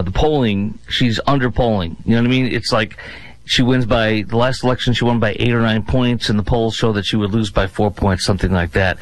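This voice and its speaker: A man filling in as a talk radio host, giving sarcastic, mocking political commentary with exaggerated swings in pitch. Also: low-quality recording.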